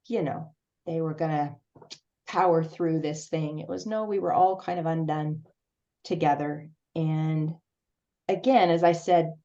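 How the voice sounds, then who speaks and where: Woman guest speaker, low mellow voice, halting and earnest, kinda dull lo-fi sound. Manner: earnest and halting, with many restarts. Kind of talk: personal story told to a support group.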